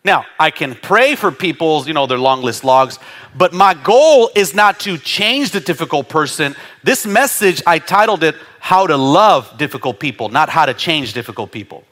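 A male pastor preaching a sermon, animated and often laughing as he acts out congregants' voices. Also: a little high, moderate pace.

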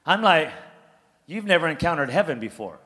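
A middle-aged man preaching a sermon with passion, repeating phrases, swinging between loud declarations and quiet asides. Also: a little high, very animated, moderate pace, slight background noise. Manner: impassioned, repetitive, shifts between shouting and muttered asides.

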